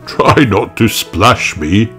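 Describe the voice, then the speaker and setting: A man voicing a cheerful, good-humoured father pig in a slow storybook reading. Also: lowish voice, animated, a bit bright, faint music behind. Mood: jolly.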